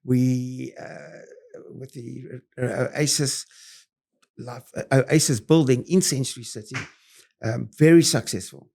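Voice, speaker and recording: An older South African man speaking as an interview guest at a middle pitch. He tells his business stories with animated, punchy bursts. He stumbles over fillers and restarts along the way. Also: slow pace, vocal fry. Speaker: property developer guest. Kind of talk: interview storytelling.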